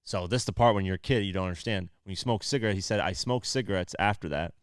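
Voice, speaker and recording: A man with a very low voice hosts a casual podcast. He retells a story in his own words and acts out the quoted lines. The sound is dry and close to the mic. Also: quick pace, clear, resonant tone, no room sound. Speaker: podcast host.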